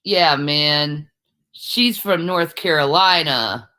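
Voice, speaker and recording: A woman's voice: low voice, takes it slowly, sharp tone. A woman casually chatting to her livestream viewers while cooking.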